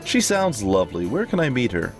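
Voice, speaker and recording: A tough young heroine as a man reads her trades dry, sardonic remarks. The voice rises and falls with lively pitch. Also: fairly quick, soft background music.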